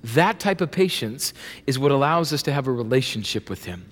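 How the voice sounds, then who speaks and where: A man preaching a sermon with playful asides, acting out voices and lively emphasis. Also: mid-range voice, a little fast. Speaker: pastor. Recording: long reverb of a large hall.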